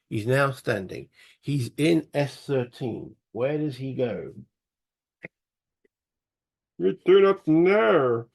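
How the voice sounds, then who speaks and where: A man's voice: medium pitch, creaky, slightly rough. A man playing a solo board game, muttering rule passages aloud and thinking through each move. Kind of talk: casual solo wargame playthrough.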